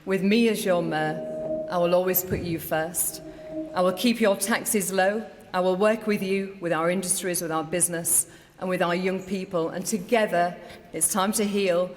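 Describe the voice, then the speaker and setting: A woman's voice: fairly low pitch, fairly even intonation, moderate pace, slight background noise. A middle-aged woman, a newly elected mayor, giving an emphatic victory speech at a lectern in an election count hall. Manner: emphatic, rallying declarations. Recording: long reverb of a large hall.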